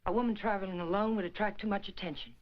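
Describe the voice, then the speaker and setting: A woman's voice: mid-range voice, very fast, lightly acted. An actress as a cool, greedy femme fatale from a 1940s noir, clipped and determined. Her voice sits mid-range and sounds dull and muffled, like an old film soundtrack. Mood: cold.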